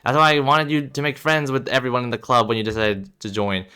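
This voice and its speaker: A man reading aloud as a troubled, guarded young man who speaks in a low, subdued, flat way. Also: fast talker, clean tone, natural voice.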